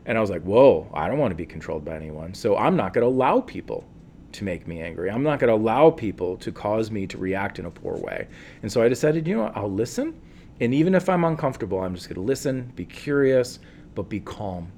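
A man, a counselor, answering interview questions in a calm, earnest and reflective way, with many fillers and restarts. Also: medium pitch, fairly quick, slight background noise. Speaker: guest, counselor.

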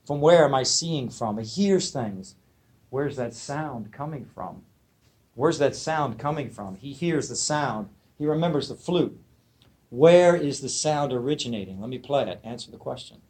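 A man's voice: medium pitch, animated, normal speed, a little mellow. A man telling a teaching story to a small group, asking them questions and acting out what his characters say. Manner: storytelling, asks the listeners questions, acts out quotes. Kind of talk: spoken dharma talk to a small group.

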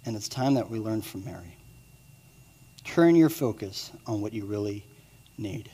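A man in his thirties giving a sermon as pastor, moving between lively storytelling and quiet, earnest appeals to the listeners. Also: fairly low pitch, a little slow, slightly rough, in a large hall. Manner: swings from excited storytelling to hushed earnest appeals.

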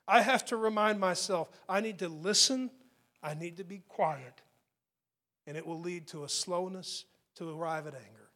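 A middle-aged pastor preaching a sermon in an earnest way, repeating key phrases and slowing down to stress words from scripture. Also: male voice, high voice, a bit bright.

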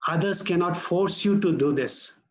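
A man preaching a sermon as pastor, earnest and measured, slowing down to stress key words. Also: high voice, poor audio.

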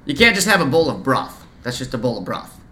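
A man in his thirties talks loosely as a podcast guest, his voice bright and swinging widely in pitch. He swears freely and laughs easily. The sound bounces around a roomy space. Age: 30s. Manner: animated, swearing, quick to laugh. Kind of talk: casual podcast chat. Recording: echoey room.

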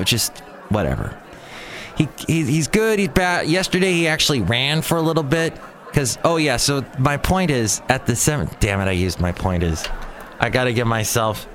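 A man hosting his own show, talking in a rambling, chatty comic monologue with self-mocking asides. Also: fairly low pitch. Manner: chatty, self-mocking, swings into impressions and exclamations.

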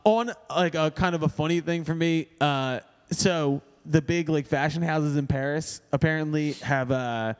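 A young man hosting a podcast in casual chat, animated and slangy, laughing often. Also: fairly high pitch, moderate pace, hardly any pauses, clear, resonant tone, big-room sound. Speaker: podcast host.

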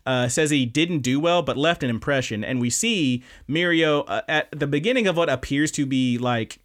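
A man hosting a podcast, casually recapping anime episodes with animated, profane storytelling. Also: on the high side, normal speed. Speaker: podcast host.

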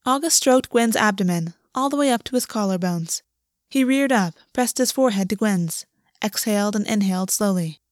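A woman narrating a story aloud in a steady, even reading voice. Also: mid-range voice, normal speed, dry recording, clean studio sound. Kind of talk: audiobook reading.

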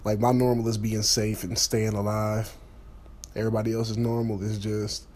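Twenties male, husky and rough, casual swearing rant, exasperated. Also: lowish voice, level tone, moderate pace, a little mellow. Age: 20s. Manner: blunt, exasperated, swearing freely.

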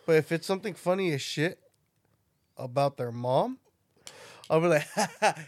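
A man in his thirties who tells animated, laughing stories and swears freely in casual chat. His voice sits a little higher than most men's. The sound is close and dry. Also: normal speed, dry recording. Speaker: podcast co-host.

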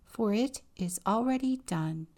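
A woman voicing a small enchanted female wren that speaks gently and kindly. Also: fairly high pitch, animated, measured pace, pitched above the performer's own voice. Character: high bright enchanted little female wren.

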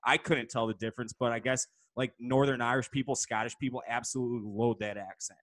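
A man on a podcast holds forth at length in an ordinary mid-range voice, opinionated and profane. He talks in a steady, casual way. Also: mid-range voice, fast. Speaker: podcast co-host.

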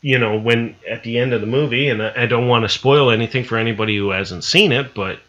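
A man chatting casually with a friend on a podcast, his voice bright and forward. He rambles a little and lists things off as he goes. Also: mid-range voice, fast, lo-fi sound. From Atlantic Canada. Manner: chatty, lists things off, drops into a put-on accent now and then. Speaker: podcast co-host. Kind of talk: casual chat.

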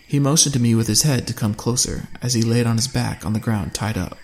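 A man narrating a first-person fantasy audiobook in a steady storytelling manner. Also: medium pitch, fairly quick, a little hiss or hum.

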